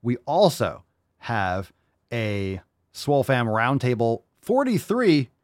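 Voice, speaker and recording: A man hosts a casual livestream podcast, reading out viewer comments and firing back with crude, sarcastic jokes. His voice swings up and down with lively pitch. It sounds dry and close to the mic. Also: takes it slowly, no room sound. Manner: crude, sarcastic, swears a lot; animated, reads viewer comments aloud. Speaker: podcast host.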